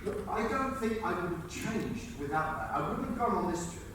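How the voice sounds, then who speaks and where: A man's voice: sits high, very animated, a little fast, noisy background. An actor on stage playing a hapless male reporter on probation, who talks in a sheepish, rambling way. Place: large theatre stage. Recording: distant echoey theatre audience recording.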